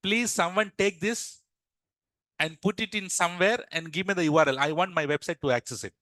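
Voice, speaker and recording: Brief: man voicing a pleading young client, raised and bright. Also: sits high, a little fast, no echo, studio quality. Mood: calling out. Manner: loud, pleading calls to a crowd. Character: young male client calling out in a market.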